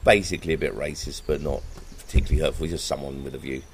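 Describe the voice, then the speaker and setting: A man's voice: very deep voice, fairly even intonation, very fast, a little mellow, a little hiss or hum. A man chatting casually and thoughtfully, often stumbling and repeating his words. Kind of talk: casual conversation.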